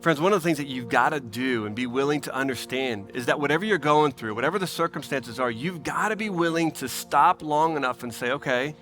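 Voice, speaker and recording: A man preaching a sermon as pastor, earnest and pleading, repeating phrases for emphasis and swinging between animated bursts and soft, low asides. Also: fairly quick, few pauses, soft background music.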